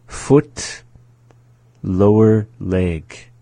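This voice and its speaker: A man teaching a language lesson, saying each word twice, once at speed and once slowly, patiently and methodically. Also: low voice, fairly even intonation, mellow, no echo. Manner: slow, patient, repeats words twice.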